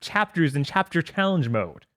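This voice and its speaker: A man's voice: on the high side, sing-song, moderate pace, a bit bright, no echo, clean studio sound. A man co-hosting a gaming podcast, talking casually with many fillers and restarts. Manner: hesitant, filler-heavy. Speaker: podcast co-host. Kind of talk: casual chat.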